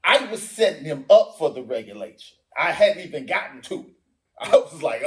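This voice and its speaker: A man's voice: on the high side, wildly swooping pitch, moderate pace, reverberant. A middle-aged man in a heated casual discussion, explaining himself emphatically and acting out what others said. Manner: emphatic, explains with acted-out quotes. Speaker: podcast host.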